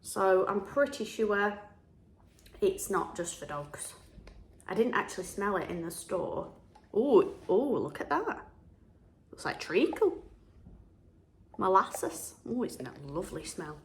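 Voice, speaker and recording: A woman's voice: mid-range voice, very animated, slow, pauses often. A woman, vlogging in a casual, chatty and upbeat way with frequent laughs. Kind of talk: casual chat to camera. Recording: echoey room with faint music.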